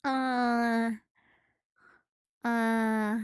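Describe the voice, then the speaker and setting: A woman streaming a casual manga recap, excitable and swearing freely, a little out of breath. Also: a little high, very slow, clear, resonant tone, no echo.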